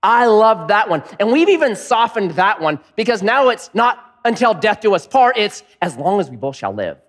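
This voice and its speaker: A middle-aged male pastor delivering a sermon with a high, lively voice. He preaches in a joking, animated way, swooping up and down in pitch. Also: moderate pace.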